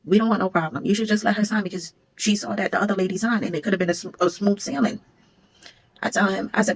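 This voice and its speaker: A woman's voice: medium pitch, steady tone, fast talker, slight background noise, poor audio. A woman telling a story in a blunt, emphatic, conversational way. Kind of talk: casual storytime.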